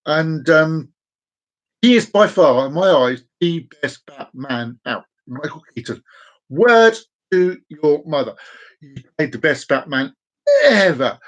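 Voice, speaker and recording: A man in his forties hosting a casual live stream from his desk at home, playful and chaotic, repeating and stretching his phrases with sudden excited whoops. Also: fairly high pitch, unhurried, low-quality recording.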